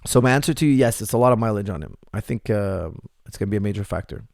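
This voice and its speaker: A man's voice: lowish voice, fast, creaky, darkish tone, no room sound, studio quality. A man, an MMA coach, answering viewer questions in a casual live chat, repeating points for emphasis.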